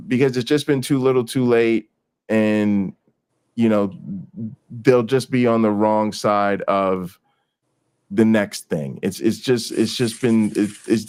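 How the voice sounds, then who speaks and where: A man hosting a casual commentary show, talking in a mocking, animated way and often repeating himself. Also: lowish voice. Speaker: host.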